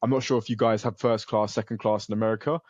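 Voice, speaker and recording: Young UK student guest, confident and earnest, muffled lo-fi call audio. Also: male voice, lowish voice, steady tone, quick pace, darkish tone, no echo. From United Kingdom. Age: young adult. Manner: earnest, self-assured, frequent restarts. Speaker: interview guest, computer science student. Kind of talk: casual interview over a call.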